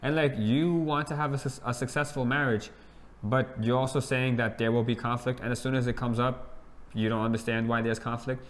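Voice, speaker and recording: Man, co-host, casual reaction chat, joking, blunt, mid-pitched. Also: steady tone, a little fast.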